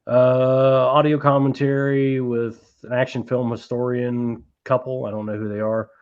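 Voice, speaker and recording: A man hosts a loose live stream about movie collecting, wandering between topics and swearing as he reads from the chat. His voice sits at an ordinary pitch for a man. The stream audio is dull and lo-fi. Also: little pitch movement, unhurried, darkish tone. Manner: rambling, profane, reads chat aloud.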